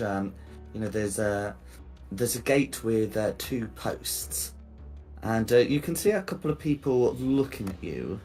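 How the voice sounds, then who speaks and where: A man narrating a tabletop game as game master, pausing often with fillers. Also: fairly low pitch. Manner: hesitant, many fillers.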